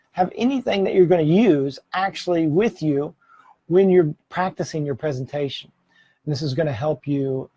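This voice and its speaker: A middle-aged man talks to his camera about giving presentations, chatty and prone to self-corrections. His voice sits a little high yet sounds mellow, with a husky, gravelly grain. The sound is dry, with no room echo. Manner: conversational, self-correcting, occasional laughs. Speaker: presenter giving speaking tips. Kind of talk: casual instructional talk to camera. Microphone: camera mic, speaking to camera.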